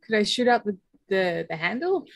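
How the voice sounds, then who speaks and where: A woman playing in a tabletop game, breezy and quick with her asides. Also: mid-range voice, sing-song, gravelly, no echo. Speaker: player. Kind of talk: casual tabletop play.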